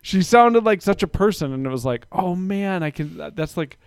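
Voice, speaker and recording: A man's voice: high voice, moderate pace, gravelly, smooth, no room sound. Thirties man telling family stories casually, dry recording. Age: 30s. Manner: rambling, animated retellings with voices for his kids. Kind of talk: casual chat.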